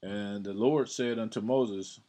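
A man's voice: fairly low pitch, unhurried, warm tone. A man hosting a podcast, teaching from the Bible in a casual, conversational way, often repeating words and reading verses aloud with emphasis.

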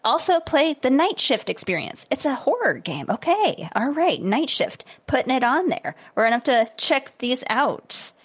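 Young woman, podcast co-host, giggly and animated, reads out reviews, fairly high voice. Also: moderate pace, hardly any pauses, husky. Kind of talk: casual podcast chat.

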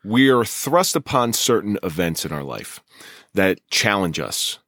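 Measured, reflective male podcast host. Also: fairly low pitch, very animated, fairly bright tone, no echo, clean studio sound. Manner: measured, philosophical. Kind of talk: interview questions and reflection.

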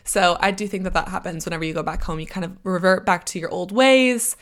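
A woman's voice: lowish voice, quick pace. A young American woman hosting a podcast, talking casually on her own and drifting into side notes. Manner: chatty, rambling with side notes. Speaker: podcast host. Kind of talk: casual solo monologue.

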